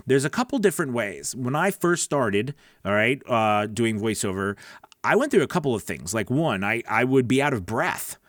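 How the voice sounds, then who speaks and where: A man's voice: medium pitch, sing-song, normal speed, dry recording. Chatty man coaching voice work, dry sound. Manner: earnest, chatty, says "right?" often, restarts. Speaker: voice-over coach. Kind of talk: casual teaching monologue.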